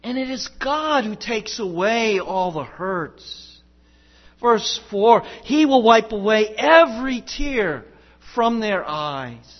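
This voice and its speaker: A man preaching a sermon as pastor, emphatic and rhetorical, swinging between loud declarations and hushed passages. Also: high voice, big pitch swings, slow, muffled recording.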